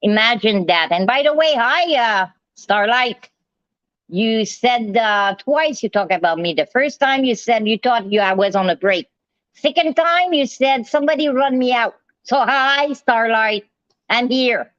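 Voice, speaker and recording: A woman delivers a heated livestream rant, confronting a rival head-on and circling back to the same points again and again. Her voice sits a little high, and her phrasing has a non-native ring. The sound is dry and dull, like a lo-fi stream. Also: lively intonation, measured pace, fairly bright tone, no room sound. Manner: repetitive, confrontational, talks straight to a rival. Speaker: livestream host.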